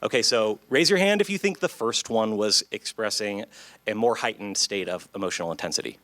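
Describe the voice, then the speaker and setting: In a lecture hall, a psychology professor presents his research at a conference, clear and measured in his lecturing while keeping the audience engaged. His voice is lowish and fairly bright, with lively intonation.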